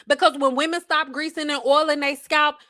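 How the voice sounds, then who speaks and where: A high-pitched woman talking close to a dry mic in a casual livestream rant. She is blunt, exasperated and swears freely. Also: steady tone, a little fast, sharp tone, no room sound. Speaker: hair care educator. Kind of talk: casual ranting livestream talk.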